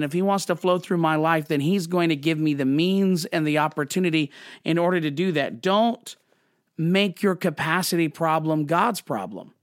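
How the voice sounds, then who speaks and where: Brief: earnest pastor teaching a sermon, high voice, dry close mic. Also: male voice, no echo. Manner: earnest and direct, with humor.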